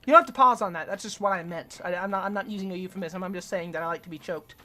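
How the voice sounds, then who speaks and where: A young woman streaming herself playing a video game, excitable and swearing freely as she talks to the enemies on screen. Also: fairly low pitch, very fast. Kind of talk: casual gameplay commentary.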